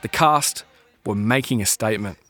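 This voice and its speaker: A man narrating a documentary in a measured, scripted way. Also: on the low side, sharp tone, no room sound.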